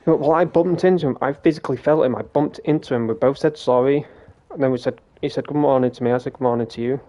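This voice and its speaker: A man's voice: mid-range voice, fast talker, warm tone, highs cut off. A British man streaming a game, telling a rambling story in a casual way, with frequent restarts and some swearing.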